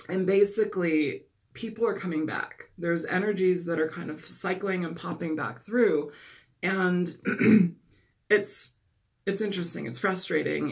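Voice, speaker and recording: A man giving a casual tarot reading, rambling and clearing his throat often as he loses his voice after a nap. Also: sits high. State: losing his voice, just woke from a nap. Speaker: tarot reader.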